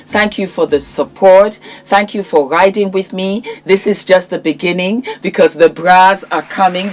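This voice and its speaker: Slow, low-voiced gushing woman host. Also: slight background noise. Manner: gushing, affectionate, calls viewers darling. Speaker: vlog host. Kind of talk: casual product promotion.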